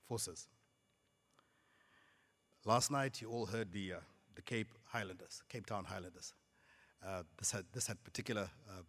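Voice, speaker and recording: A man's voice: sits low, slightly rough. A man formally introducing a speaker at a conference, hesitant with fillers. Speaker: event chairman introducing a speaker. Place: conference hall. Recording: long hall reverb.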